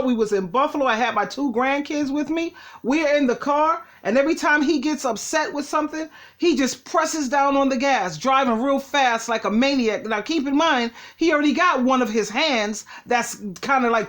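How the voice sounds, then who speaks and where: Chatty older woman, slightly high voice. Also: moderate pace, hardly any pauses, a bit bright. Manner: chatty, agreeable, laughs along. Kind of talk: casual chat.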